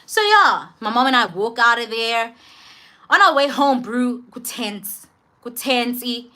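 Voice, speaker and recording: A young South African woman telling an emotional personal story to her camera, emphatic and expressive, repeating phrases for weight. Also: a little high, takes it slowly. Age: young adult. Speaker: vlogger.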